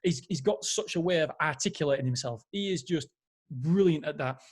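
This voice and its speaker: A man's voice: fairly high pitch, a little fast, breathy edge. A man hosting a podcast who reviews a book in a casual, enthusiastic way, often rambling and correcting himself. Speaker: podcast host.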